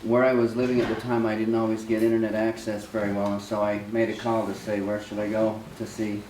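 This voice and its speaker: A man at a memorial offering hesitant personal remarks, pausing often with fillers. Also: on the low side, monotone, darkish tone, slight background noise. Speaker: memorial attendee. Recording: echoey room from a distance.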